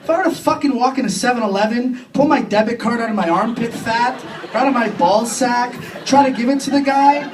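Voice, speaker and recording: A young Canadian man doing a crude, self-deprecating stand-up comedy set on a club stage, with quick impressions between punchlines. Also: very high voice, a crowd in the background. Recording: distant club recording with faint room noise.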